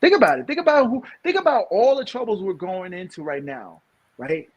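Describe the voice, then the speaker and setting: A man in his thirties from New York co-hosts a casual podcast. His voice is a bit husky and sits a little high, and he rambles through repeated restarts before pushing out his main points. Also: big pitch swings, a little fast, muffled recording. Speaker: podcast co-host. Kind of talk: casual opinion chat.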